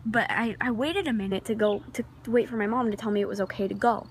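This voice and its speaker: A teenage girl vlogging outdoors in her neighborhood, telling a rambling, excitable story into a handheld phone camera. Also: a little high, fast talker, a little hiss or hum. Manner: excitable, rambling, many restarts and fillers. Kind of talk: casual storytelling vlog.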